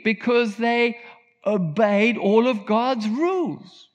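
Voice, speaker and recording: High-voiced preacher in a reverberant hall. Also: male voice, fairly bright tone. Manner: earnest, emphatic teaching tone. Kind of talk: sermon. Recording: long reverb of a large hall.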